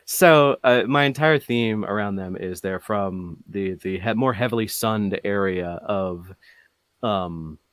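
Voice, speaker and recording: A man chatting casually about his hobby, rambling with many fillers and restarts, getting animated as he goes. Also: on the low side, takes it slowly, dry recording. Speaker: podcast guest. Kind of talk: casual chat.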